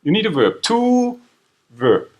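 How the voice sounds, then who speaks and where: A man from southern Germany, lecturing a university seminar class in a lively way and quizzing students as he goes. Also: sits high, slow. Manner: lively, quizzes the class, tags 'right?' after points. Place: lecture room. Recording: echoey room, voice far from mic.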